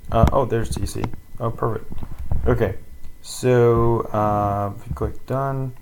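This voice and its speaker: A man teaching a casual screen-recorded tutorial, rambling with many pauses and ums. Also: medium pitch, fairly even intonation, noisy background.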